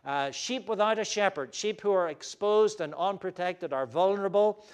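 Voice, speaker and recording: A man's voice: high-pitched, moderate pace, smooth. A man giving a conversational sermon as pastor, with frequent fillers and restarts and emphatic quotes of scripture. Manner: emphatic when quoting scripture.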